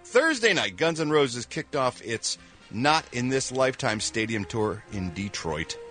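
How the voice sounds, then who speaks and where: Lively, animated male radio host. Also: medium pitch, soft background music. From Philadelphia. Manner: animated, jokey, with quick sound-effect interjections. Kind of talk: morning radio entertainment news. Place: radio studio.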